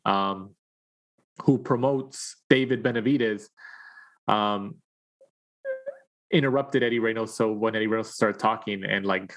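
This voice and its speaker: A man's voice: fairly low pitch, fairly bright tone. A man co-hosting a boxing podcast, chatting casually and acting out quotes in his stories. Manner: chatty storyteller, acts out quotes, laughs often. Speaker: podcast co-host.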